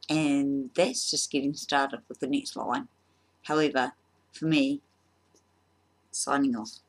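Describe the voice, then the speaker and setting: A woman doing a casual comedy vlog, self-deprecating and halting with frequent ums. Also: extremely low pitch, steady tone, husky. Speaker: vlogger.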